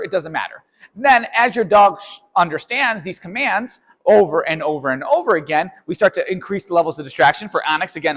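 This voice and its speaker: Dog trainer guy explaining stuff, fairly high voice, long echo from a big room. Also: a bit bright. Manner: explanatory, tags points with "right?" and "okay?". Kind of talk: instructional training video.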